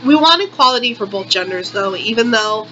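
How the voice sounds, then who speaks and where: Young woman vlogger, kinda high voice, over-the-top indignant comedy rant, slight background hiss. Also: lively intonation, a little fast, muffled recording. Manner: exaggerated outrage, repetitive and melodramatic. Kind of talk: satirical character monologue.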